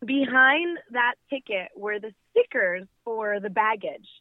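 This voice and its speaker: A woman's voice: fairly high pitch, a little slow, no room sound. Laughing woman on a tinny phone line. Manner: laughing, animated storytelling. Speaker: phone caller, friend of the guest. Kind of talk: telling an anecdote by phone.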